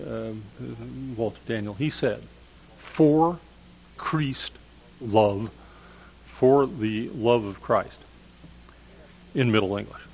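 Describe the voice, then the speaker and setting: A man's voice: mid-range voice, creaky, a little mellow, a little hiss or hum, poor audio. An older man, a professor of English literature, giving a discursive storytelling lecture with frequent fillers.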